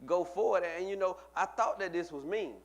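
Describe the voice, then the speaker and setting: Fairly high-voiced man preaching a sermon. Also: fairly quick, a bit bright. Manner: conversational preaching, repeats words, talks to the congregation. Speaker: pastor.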